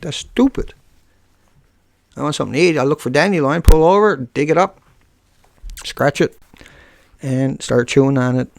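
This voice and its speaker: A man's voice: fairly high pitch, moderate pace, creaky, long pauses, no echo, clean studio sound. A man video-blogging live, combative and scornful toward a commenter, breaking off into joking asides with viewers. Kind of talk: live-streamed rant to viewers.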